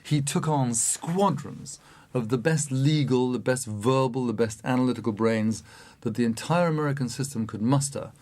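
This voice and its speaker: A man telling an anecdote in an animated way, often laughing as he goes. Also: medium pitch, moderate pace, few pauses. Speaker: storyteller. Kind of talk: anecdotal storytelling.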